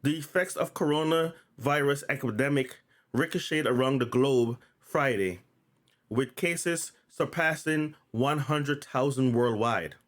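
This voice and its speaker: A man's voice: mid-range voice, measured pace. A man hosting his own channel, reading news notes aloud in a casual way and often stuttering, repeating and restarting words. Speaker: channel host.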